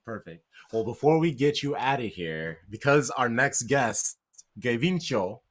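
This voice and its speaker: Male host, mid-pitched voice, animated casual storyteller. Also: unhurried. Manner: animated storytelling, acts out quoted lines. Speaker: stream host. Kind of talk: casual chat.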